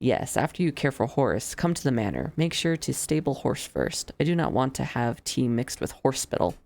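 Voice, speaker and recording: Streamer reading as a wry, gravelly young villainess. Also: mid-range voice, very animated, normal speed, a little mellow. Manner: dry, wry formal phrasing. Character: sardonic young noblewoman villainess. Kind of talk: reading game dialogue aloud.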